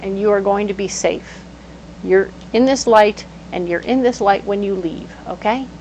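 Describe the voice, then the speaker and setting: Playful animated woman reading tarot. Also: mid-range voice, normal speed, slight background noise, poor audio. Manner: animated, playful, with sudden exclamations. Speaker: tarot reader.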